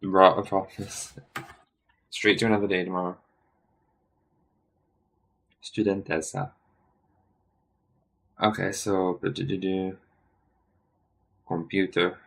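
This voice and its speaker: A man's voice: low-pitched, level tone, measured pace, creaky, long pauses, fairly bright tone, a little hiss or hum. A man thinking aloud during a study stream, muttering and correcting himself as he works through a quiz, tired and yawning.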